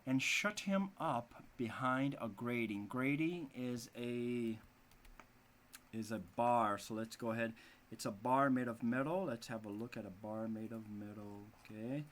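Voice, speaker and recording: Animated, bright-voiced male English teacher. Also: mid-range voice, slight background noise. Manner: animated, breaks off to define words. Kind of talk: reading a story aloud and explaining vocabulary.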